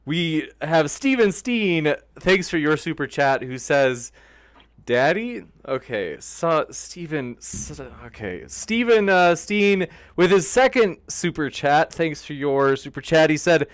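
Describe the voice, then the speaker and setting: A man's voice: a little high, big pitch swings, slow pace, hardly any pauses, dry recording. A man moderating a debate, easygoing and a little hesitant as he reads out viewer questions.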